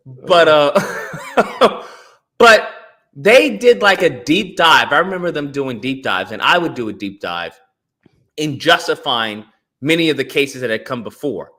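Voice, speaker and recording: Man guest, high lively voice, animated storyteller, acts out quotes. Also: unhurried, long pauses. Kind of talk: casual podcast chat.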